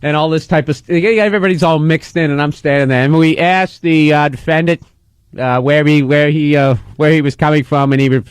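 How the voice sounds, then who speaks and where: A man's voice: on the high side, brisk, smooth, no room sound. A man in his forties, a comedian guest on a radio show, telling a story in casual chat and acting out the people in it. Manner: animated, acts out the other people in his story. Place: radio studio.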